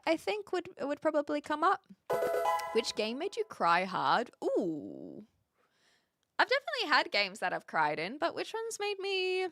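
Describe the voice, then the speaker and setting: A woman's voice: high voice, fairly bright tone, dry recording, studio quality. A woman with a New Zealand accent, chatting on a live stream, reading out viewer questions and rambling with lots of fillers and restarts.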